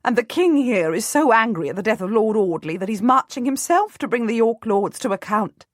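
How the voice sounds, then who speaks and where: A woman voicing an eager young queen who talks in an excited, urgent way. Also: fairly high pitch, fairly quick, no echo, clean studio sound. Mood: joyful.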